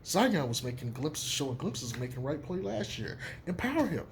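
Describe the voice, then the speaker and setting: A man with a fairly high voice gives his basketball takes in a casual, profane way. His pitch swings widely as he hammers his points home, over a faint hiss. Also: a little fast. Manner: emphatic, profane, animated. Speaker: sports commentator. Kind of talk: casual sports opinion talk.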